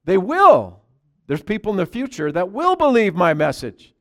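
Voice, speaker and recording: A man preaching a conversational sermon, moving between loud, emphatic scripture reading and quiet asides to his congregation. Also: high voice, wildly swooping pitch, moderate pace. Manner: chats with the congregation. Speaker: pastor.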